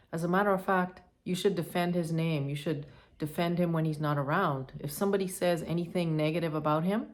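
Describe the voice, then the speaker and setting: Low-voiced woman giving firm advice. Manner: emphatic, firm and repetitive. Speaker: advice vlogger. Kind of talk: advice monologue to the camera.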